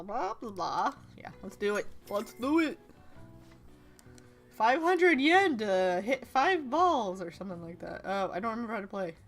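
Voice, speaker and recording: A woman streaming a game live from home, chatting playfully with her viewers and her dog and laughing often. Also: on the high side. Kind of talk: live gameplay commentary.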